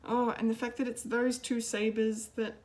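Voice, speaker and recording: A woman's voice: a little high, little pitch movement, moderate pace, darkish tone. Gushing woman reviewing a film. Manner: gushing, emotional, full of restarts and fillers. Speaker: pop culture video reviewer. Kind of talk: unscripted film review monologue.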